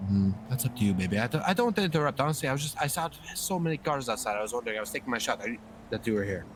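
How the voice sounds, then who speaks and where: A man talking in character in a roleplay game, swearing constantly and rambling excitedly through a story. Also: medium pitch, very fast, background noise.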